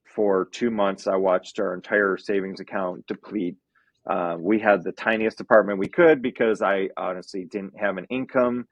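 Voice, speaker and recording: A man's voice: sits low, steady tone, normal speed, no echo, muffled recording. Earnest man telling his story. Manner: earnest, emotional, fighting back tears at times. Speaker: podcast guest. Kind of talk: personal storytelling.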